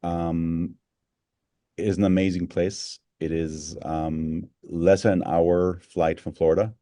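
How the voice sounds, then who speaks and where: A man hosts a live online gathering over a video call, his voice low and warm in tone. He rambles, circles back and restarts his sentences. The sound is dry and close, with no room around it. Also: level tone, slow, no room sound. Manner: rambling, warm-hearted, many restarts and fillers. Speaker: host of an online town hall.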